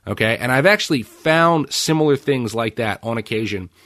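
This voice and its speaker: A male podcast host telling casual stories with energy, swearing freely and acting out what other people said. His voice sits at a middle pitch for a man and is recorded dry and close, with no room echo. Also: moderate pace. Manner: animated storytelling with swearing and acted-out quotes. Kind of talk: casual chat.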